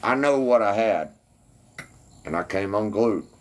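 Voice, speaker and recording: A man's voice: lowish voice, animated, unhurried. A man ranting defensively and with heavy profanity at his livestream commenters.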